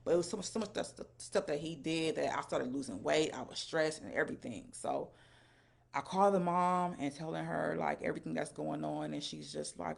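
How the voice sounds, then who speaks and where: Gravelly-voiced woman telling her story. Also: low voice, normal speed. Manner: rambling, repeats herself, fills with "whatever"; emotional, animated retelling. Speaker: live-stream storyteller. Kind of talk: casual personal testimony.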